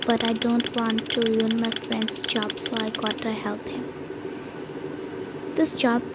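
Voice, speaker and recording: In a very noisy recording with loud typing and clicks, a woman plays a horror game and gives casual, nervous commentary. Her fairly high voice is monotone and slow, and she frequently drops to a whisper and pleads.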